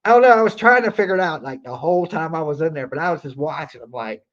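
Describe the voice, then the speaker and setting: A man's voice: a little high, lively intonation, fast talker, highs cut off. A man telling a story on a late-night livestream in a casual, profane, rambling way, leaning on "like" and repeating himself. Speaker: livestream host. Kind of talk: casual live-stream storytelling.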